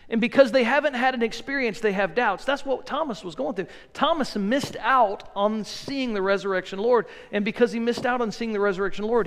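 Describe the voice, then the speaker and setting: A pastor preaching a sermon in a church, talking in an earnest, conversational way and repeating phrases for emphasis. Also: male voice, very high voice, fairly bright tone, big-room sound. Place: church sanctuary.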